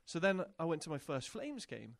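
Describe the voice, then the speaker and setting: A man's voice: fairly high pitch, sing-song, moderate pace, vocal fry. Male soccer coach explaining his methods. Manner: explanatory, repeats words when thinking. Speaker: soccer coach and technical director, guest. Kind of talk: casual interview chat.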